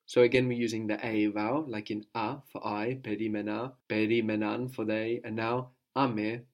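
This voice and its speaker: A man's voice: lowish voice, little pitch movement, moderate pace, highs cut off. A man teaching a language lesson, patiently explaining grammar step by step and prompting his student to answer.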